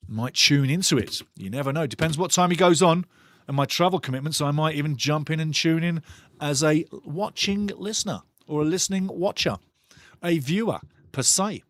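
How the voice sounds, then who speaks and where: Speaking at normal speed in a fairly high pitch, a man runs a live football watchalong, where he rants with passion about refereeing in a chatty manner. The recording is dry.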